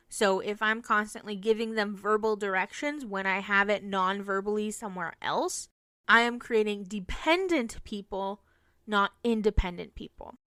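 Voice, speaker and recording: A woman's voice: medium pitch, fairly bright tone, smooth, no room sound. A young woman teacher hosting a solo podcast, explaining classroom strategies in an earnest way. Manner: earnest, explanatory, demonstrates phrases.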